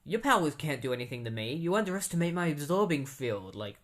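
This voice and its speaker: A man's voice: on the high side, big pitch swings, quick pace, fairly bright tone. A man voicing a smug, mercenary male hero turned villain, with a taunting, dismissive manner.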